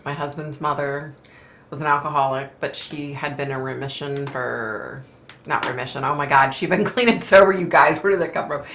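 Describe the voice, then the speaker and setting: Middle-aged woman, gravelly, low voice, bright tone, emotional rambling live chat, faint hiss. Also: normal speed. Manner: emotional, rambling, frequent sighs and fillers. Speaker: host reading viewer comments. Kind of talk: casual live-stream chat.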